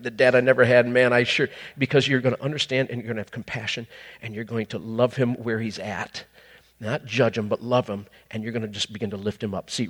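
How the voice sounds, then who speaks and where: A husky-voiced man preaches to a couple in a casual, conversational way, breaking into sudden high exclamations. His voice carries a long reverb, as if he were in a large hall. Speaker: minister. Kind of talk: prophetic ministry to a couple.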